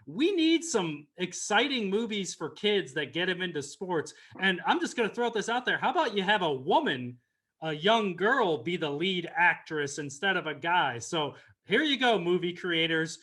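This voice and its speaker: A man's voice: high voice, sing-song, moderate pace, a bit bright. A man co-hosting a casual sports chat, making emphatic, opinionated points. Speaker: podcast co-host.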